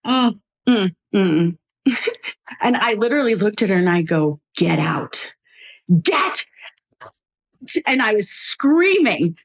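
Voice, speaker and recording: A middle-aged woman tells a story as a podcast guest, and her voice sits at a medium pitch. She is animated, acts out quoted lines and laughs often. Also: measured pace. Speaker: podcast guest, former preschool owner. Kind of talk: storytelling in a casual interview.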